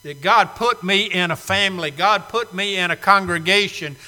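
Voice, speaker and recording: A man's voice: high-pitched, normal speed, bright, forceful tone, big-room sound. A man preaching a sermon to a live congregation, emphatic and fond of repeating key phrases. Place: church sanctuary, live congregation.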